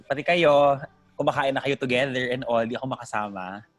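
A man's voice: medium pitch, fast talker, fairly bright tone, no room sound, soft background music. A man with a Filipino accent chatting casually as co-host, mixing English and Tagalog. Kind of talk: casual chat.

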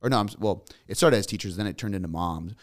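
A man's voice: low-pitched, fast talker. A man hosting a podcast, chatting casually and animatedly telling a story while acting out the quotes. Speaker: podcast host. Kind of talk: casual chat.

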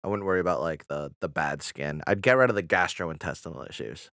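A man's voice: sits low, a little fast, fairly bright tone, no echo, clean studio sound. A young man co-hosting a casual podcast, joking, swearing and stumbling while reading aloud. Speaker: podcast co-host. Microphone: studio mic.

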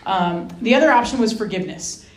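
A woman from Rhode Island, a Franciscan sister, telling a personal story as a guest speaker, lively and self-mocking, acting out the voices in her story. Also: medium pitch, fairly quick. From Rhode Island, USA. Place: hall with an audience. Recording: roomy echo.

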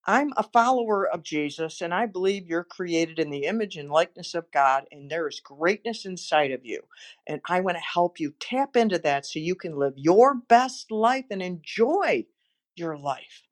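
Lower-pitched woman giving inspirational talk. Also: animated, moderate pace. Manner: warm encouraging storytelling. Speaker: motivational speaker and podcast host.

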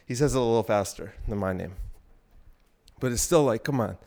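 Talking on his solo podcast while on the elliptical, this young man goes on a crude, profane, meandering rant with plenty of tangents. He speaks a little fast in a fairly low, darkish voice with vocal fry.

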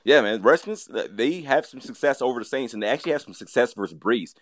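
A man's voice: mid-range voice, fast. A man hosting a casual sports podcast, quizzing his co-hosts with stats and joking around. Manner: animated, quizzing friends, jokes and impressions. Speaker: podcast host.

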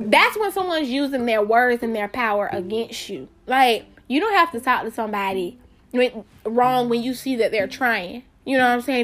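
Chatty high-voiced woman podcaster. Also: fairly bright tone. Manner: chatty and emphatic, addresses listeners as y'all. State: out of breath. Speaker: podcast host. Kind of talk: casual solo podcast monologue.

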